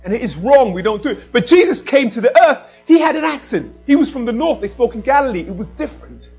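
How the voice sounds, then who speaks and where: A man preaching a sermon in an animated way, swinging from loud emphasis down to a quiet hush. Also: very high-pitched, quick pace, breathy edge, soft background music, poor audio.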